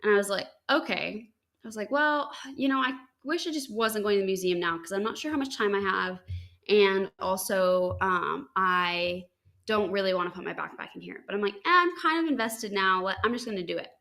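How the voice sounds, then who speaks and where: A young woman from the United States, a podcast host, casually telling a story with lots of "like" and "um" and bright, high-pitched quoted lines. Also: a little fast, gravelly. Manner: chatty, animated quotes with high-pitched acted lines, frequent likes and ums.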